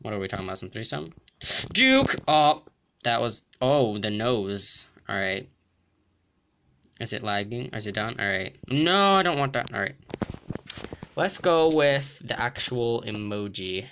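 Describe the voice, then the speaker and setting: A young man giving excited gameplay commentary, jumping between mumbling and sudden yelps and shrieks. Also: mid-range voice, unhurried, slight background noise. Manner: jumpy, yelps and shrieks when threatened. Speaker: gaming YouTuber.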